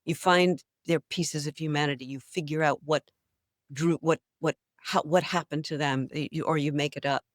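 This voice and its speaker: An older actress from New England, a guest in a casual interview, tells stories with animation and laughs often. Her voice is low-pitched and moderately paced, in clean studio sound with no room sound.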